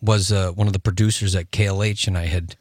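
A man's voice: sits low, steady tone, quick pace, darkish tone, slightly rough, no echo, clean studio sound. A man chatting as a guest on a radio show, rambling and laughing often. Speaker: musician guest. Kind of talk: casual radio interview.

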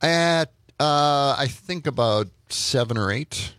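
A man's voice: medium pitch, takes it slowly, a bit bright, smooth, no room sound, studio quality. A man in his fifties hosting a casual morning radio show, rambling with fillers and chuckles. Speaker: radio talk show host. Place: radio studio. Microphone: studio microphone.

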